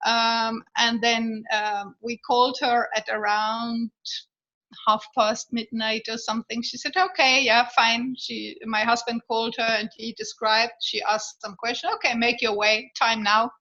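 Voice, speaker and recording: Bright-voiced woman telling a story. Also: fairly high pitch, flat delivery. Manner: halting, with many fillers and restarts; laughs often while telling. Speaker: guest sharing a birth story. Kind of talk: casual storytelling. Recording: dull lo-fi audio.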